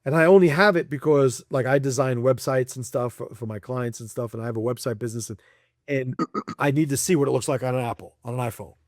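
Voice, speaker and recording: A man's voice: medium pitch, fast, no room sound, studio quality. A man speaking as a podcast guest in a casual chat, blunt and profane, laughing between points and acting out people he quotes.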